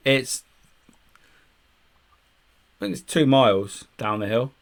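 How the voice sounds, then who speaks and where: A man with a middle-pitched voice co-hosting a podcast. He chats casually about a day out and swears freely. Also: takes it slowly, vocal fry. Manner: chatty, recounts a day out with swearing and laughs. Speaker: podcast co-host. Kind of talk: casual chat.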